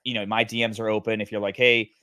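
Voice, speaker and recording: Excited man pitching over a call. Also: very fast, dry recording. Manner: excited pitching, many fillers. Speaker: guest, NFT project creator. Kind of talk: casual livestream chat.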